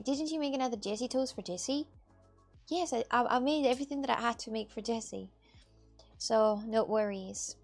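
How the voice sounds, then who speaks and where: A woman's voice: a little high, gravelly, a little mellow. A woman livestreaming, chatting casually and answering viewer messages in a teasing way. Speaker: livestreamer reading chat. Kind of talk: casual live-stream chat.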